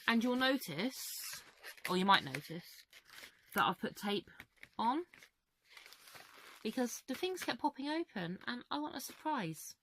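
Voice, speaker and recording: A young woman vlogs from home to the camera, casual, rambling and candid, laughing often while her voice wears out. Her pitch is fairly high and bright with big swings, she speaks unhurriedly with long pauses, and there's a little hiss or hum.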